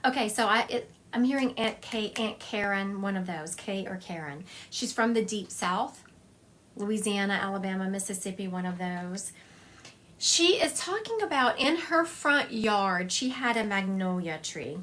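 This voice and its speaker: A woman's voice: mid-range voice, moderate pace, fairly bright tone. Chatty woman psychic medium on a live stream. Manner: chatty, confiding, thinks aloud.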